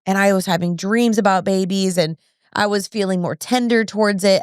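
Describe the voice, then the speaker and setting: A woman's voice: mid-range voice, fairly even intonation, moderate pace, clean tone, no echo, studio quality. Chatty earnest woman in her thirties. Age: 30s. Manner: chatty, earnest, lots of fillers. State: pregnant. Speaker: podcast host. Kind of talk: casual chat.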